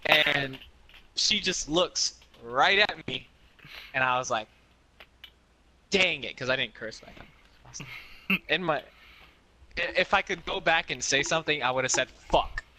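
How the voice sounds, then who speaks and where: A man's voice: fairly high pitch, measured pace, long pauses, bright, forceful tone, slight background noise. A young man co-hosting a podcast, rambling through a childhood story in casual chat. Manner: rambling, many restarts and fillers. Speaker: podcast co-host.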